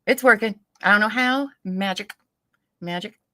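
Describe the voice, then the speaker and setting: A young woman chats casually on her livestream in a bright, close, dry voice. She is giggly and easygoing as she greets viewers one by one. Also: medium pitch, moderate pace, no echo. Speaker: livestream host.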